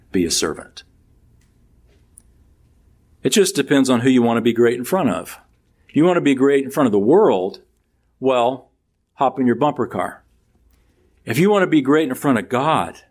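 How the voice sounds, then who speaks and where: Guy preaching a sermon, medium voice, pitch jumps up and drops low for emphasis. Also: husky. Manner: preaches with lively pitch swings, reading scripture aloud. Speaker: pastor.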